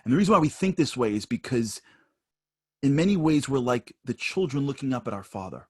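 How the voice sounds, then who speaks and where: A man giving a spoken lesson at an online seminar, telling personal stories and growing higher and louder as he gets animated. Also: a little fast, breathy edge, no room sound, studio quality. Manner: storytelling, rising higher and louder when animated.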